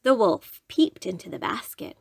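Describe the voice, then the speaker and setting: A woman reading a children's storybook aloud in a slow, lilting, expressive way. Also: mid-range voice, creaky, slightly rough, no room sound.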